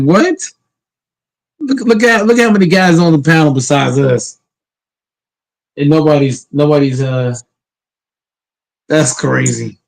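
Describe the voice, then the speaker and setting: A man's voice: a little high, gravelly, low-quality recording. Emphatic, profane man hosting a sports panel. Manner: emphatic, profane, repeats words when restarting. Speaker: host of an online sports talk panel. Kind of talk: casual sports debate.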